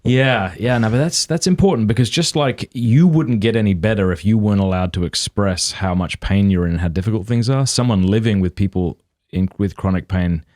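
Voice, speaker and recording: Deep-voiced man in earnest casual chat. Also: brisk, darkish tone, no echo. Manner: earnest, laughs easily, puts on voices in retellings. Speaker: podcast host. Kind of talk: casual conversation with his wife.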